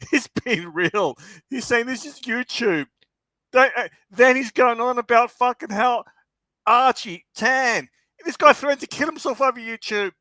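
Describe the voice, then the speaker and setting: A man's voice: very high voice, a little slow, bright, forceful tone, no room sound. A man hosting a livestream who laughs often and mocks his guests in amused banter. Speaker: livestream host. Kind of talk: casual profane stream banter.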